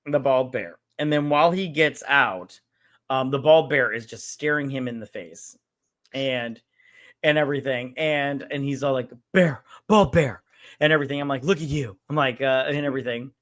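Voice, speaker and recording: A man's voice: medium pitch, moderate pace. A man co-hosting a casual movie review podcast, swearing freely and acting out lines from the film as he retells it. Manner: profane, animated retelling with quoted voices. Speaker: podcast co-host.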